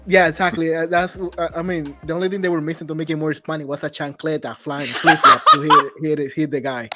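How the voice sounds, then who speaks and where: Excitable fast-talking male podcast host. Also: a little high, over loud music. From Latin America. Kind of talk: casual chat.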